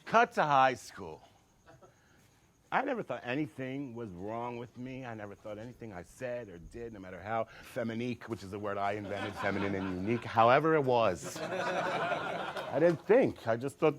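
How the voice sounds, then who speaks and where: A man's voice: medium pitch, expressive, moderate pace, slight background noise. A man telling a comic personal story in a theatrical, campy way, acting out other people's voices with sassy asides. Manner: theatrical, acts out voices with big swings.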